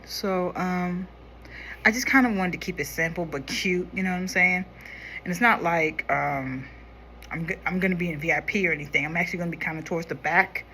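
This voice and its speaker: Young woman, makeup vlogger, bright forward tone, easygoing chatter with quieter focused moments. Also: lowish voice, a little hiss or hum. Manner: chatty, talks to viewers while applying makeup, drops quieter when concentrating. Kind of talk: casual makeup tutorial chat.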